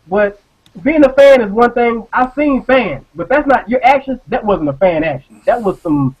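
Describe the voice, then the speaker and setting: A man co-hosting an online live show, ranting in a casual, profane, animated way and often repeating words as he talks. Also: extremely high pitch, moderate pace, husky, dull audio. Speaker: podcast co-host.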